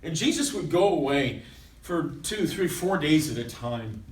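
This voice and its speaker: A man performing a first-person dramatic monologue, swinging between loud urgency and hushed intensity. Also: fairly high pitch, lively intonation, measured pace. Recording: echoey room, voice from a distance.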